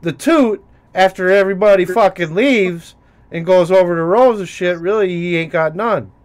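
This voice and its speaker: A man's voice: sits high, normal speed. A man hosting a casual profane chat show with a Minnesotan accent, rambling and laughing as he mocks others. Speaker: host.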